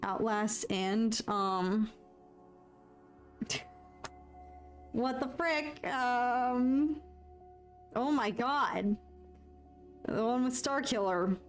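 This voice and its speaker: A woman's voice: on the high side, extremely slow, long pauses, soft background music. A woman, chatting casually with her livestream viewers, laughing often and poking fun at herself. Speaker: livestream host.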